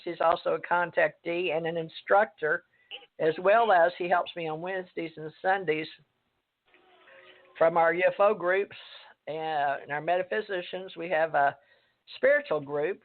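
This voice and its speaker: A woman hosting a radio show, talking in a rambling, hesitant way with many pauses. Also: on the low side. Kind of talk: casual radio talk. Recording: tinny phone line.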